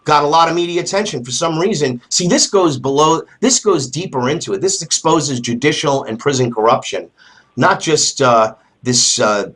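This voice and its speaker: A man's voice: on the high side, expressive, normal speed, fairly bright tone. A man hosting a talk show interview, speaking in an impassioned, emphatic way. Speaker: host.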